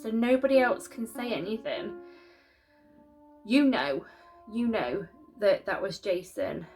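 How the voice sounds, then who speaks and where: Chatty woman, slightly high voice. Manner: emotional, chatty, sympathetic. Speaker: YouTube story channel host. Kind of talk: casual reading of viewer-sent ghost stories.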